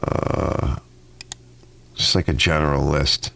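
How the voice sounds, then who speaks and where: A man's voice: rumbling low, fairly even intonation, slow pace, gravelly, fairly bright tone. A man hosting a casual garage livestream, reading viewer comments aloud and rambling through personal stories with frequent restarts. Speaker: host of a garage channel. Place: home garage.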